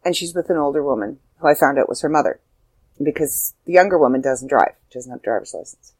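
A woman's voice: sits low, lively intonation, fast, darkish tone, husky, no room sound, rough recording. An older woman, an author, telling a heartfelt personal story in a casual, rambling way with fillers and restarts.

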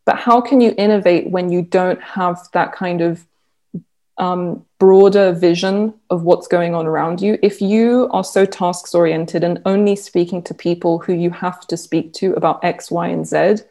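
Mellow-voiced woman researcher, hesitant. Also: fairly low pitch, steady tone, moderate pace. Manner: hesitant, many fillers and restarts. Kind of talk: interview answer.

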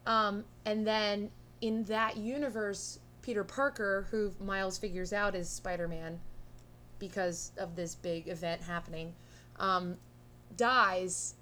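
Woman podcast co-host, mid-pitched and playful, joking through a casual movie chat over a faint hum. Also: steady tone, takes it slowly, sharp tone. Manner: playful, giggly, jokey. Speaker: podcast co-host, film reviewer.

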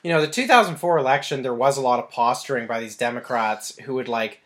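A man's voice: medium pitch, fast, fairly bright tone. A man co-hosting a casual podcast review, talking in a rambling way full of "like" fillers. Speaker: podcast co-host. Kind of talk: casual film-review chat.

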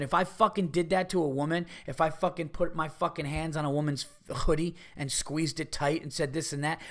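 A man's voice: on the high side, fairly bright tone. A middle-aged man, a comedian hosting his podcast, telling a profane, heated story and repeating himself as he acts out what people said.

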